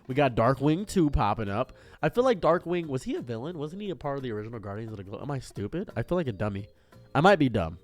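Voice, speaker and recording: A man streamer giving excitable, rambling casual commentary on a show he loves. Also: mid-range voice, fast talker, faint music behind.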